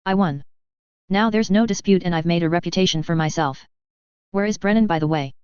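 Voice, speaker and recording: A woman's voice: on the low side, a little fast, a little mellow, clean tone, no echo, muffled recording, close to an everyday voice. A woman voicing a brash young male fighter who talks in an offhand, defiant way in an audiobook. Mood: casual.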